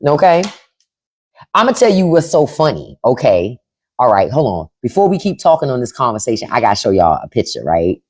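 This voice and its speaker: A woman's voice: a bass voice, sing-song, brisk, darkish tone, slightly rough. A middle-aged woman hosting a casual livestream from home into a microphone, acting out quoted voices as she talks. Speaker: livestream host.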